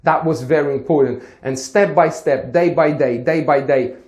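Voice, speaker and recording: A man's voice: a little high, normal speed, darkish tone. A man who teaches swimming, giving casual advice and telling a story, acting out the conversations as he goes. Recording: roomy echo.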